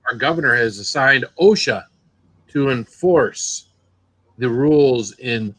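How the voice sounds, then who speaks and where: A man's voice: medium pitch, expressive, slow, a bit bright, poor audio. A man in casual podcast chat, speaking hesitantly with many ums and uhs.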